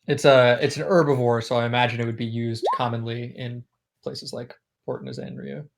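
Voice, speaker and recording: A man's voice: mid-range voice, fairly even intonation, moderate pace, creaky. A man with a New York accent playing in an online tabletop game, laid-back and a bit hesitant. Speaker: player. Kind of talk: casual tabletop game chat on a call.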